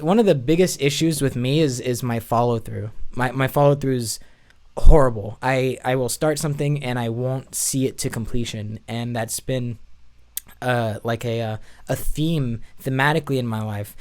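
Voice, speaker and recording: A man's voice: medium pitch, darkish tone. A man telling a long personal story in a podcast chat, rambling with frequent restarts. He plays music for a church. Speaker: podcast guest. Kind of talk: casual storytelling.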